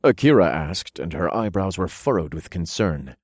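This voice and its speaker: Deep male narrator, steady storytelling, dry studio read. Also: normal speed, slightly rough, dry recording. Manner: low steady storytelling, voices characters. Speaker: audiobook narrator. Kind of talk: first-person fiction narration.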